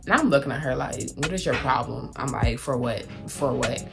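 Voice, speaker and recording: With loud music in the background, a young adult woman shares a personal story, swearing freely and mimicking others by quoting them in raised voices. Her very deep voice has lively intonation and vocal fry. She keeps a moderate pace in this candid, casual chat.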